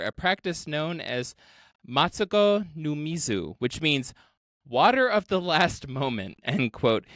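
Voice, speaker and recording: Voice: medium pitch, a bit bright, no echo. A podcast host retelling a story in casual chat, laughing often, swearing freely and acting out the quoted voices.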